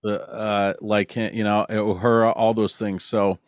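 A man's voice: on the low side, flat delivery, measured pace, no room sound. A man co-hosting a podcast in casual chat, rambling and searching for words. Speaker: podcast co-host. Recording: dull, dry podcast mic.

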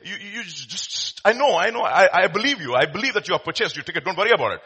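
A man voicing an eager, deferential male ticket collector who talks in a high, excited way. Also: fairly quick. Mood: effusive. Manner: effusive, reassuring, high and excited.

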